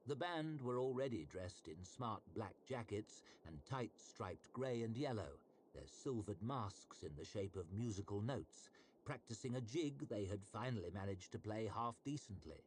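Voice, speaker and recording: A man with a lowish voice reads a fantasy novel aloud in a measured, expressive way. His pitch rises and falls widely through each sentence, and a faint background noise sits under the reading. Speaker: narrator. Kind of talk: audiobook-style fantasy narration.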